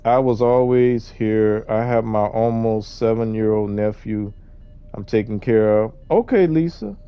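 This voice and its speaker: A man's voice: fairly low pitch, unhurried, clear, resonant tone, muffled recording. Laid-back man chatting while gaming. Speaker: streamer. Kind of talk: casual gameplay livestream chat.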